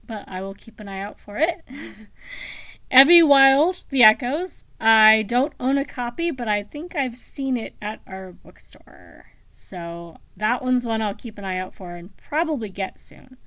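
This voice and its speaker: A woman talking casually about books, slow and meandering with many pauses and ums. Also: fairly high pitch, expressive, a bit bright, no room sound. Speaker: book vlogger. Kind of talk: casual book chat.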